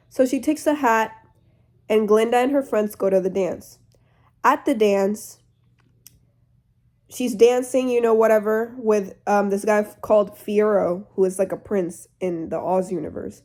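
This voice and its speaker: Teen girl narrator, chatty and rambling, warm mellow tone. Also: medium pitch, normal speed. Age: teens. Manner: rambling, filler-heavy, chatty. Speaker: vlogger. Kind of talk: casual storytime retelling.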